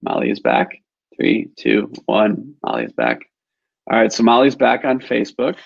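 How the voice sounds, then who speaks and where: A man's voice: medium pitch, big pitch swings, normal speed, creaky, breathy edge, no echo, highs cut off. Upbeat man hosting a live podcast. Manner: rambling, filler-heavy, upbeat. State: partly losing his voice. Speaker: podcast host. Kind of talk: casual live-stream chat.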